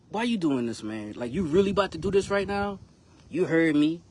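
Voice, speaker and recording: A man's voice: a little high, expressive, fairly quick, darkish tone. A young man, a rapper telling his son a frustrating personal story in a casual, emphatic vlog full of slang. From South Carolina, US.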